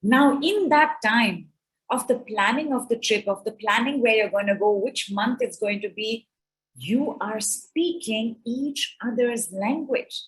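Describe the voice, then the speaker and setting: A middle-aged woman speaking on relationships at an online summit, animated and conversational, acting out quoted exchanges. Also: a little high, measured pace, rough recording.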